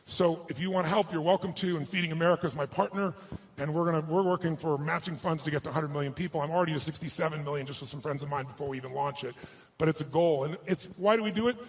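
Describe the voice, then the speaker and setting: A man delivers a motivational speech to an audience. His voice sits a little higher than most men's. He tells a personal story with heartfelt, unhurried emphasis, then shifts into a persuasive, rallying push. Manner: heartfelt, slows down for emotional moments. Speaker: motivational speaker.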